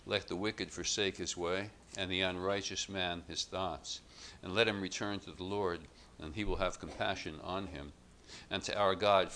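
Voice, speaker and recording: A man preaching a sermon to his congregation, measured and emphatic, setting up contrasts and lifting his voice on quoted lines. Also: low-pitched, fairly bright tone, a little hiss or hum.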